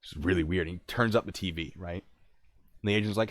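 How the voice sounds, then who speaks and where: A man casually telling a military story to his stream, animated and acting out what people said. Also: low voice, brisk, no room sound. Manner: animated, acts out quotes, restarts.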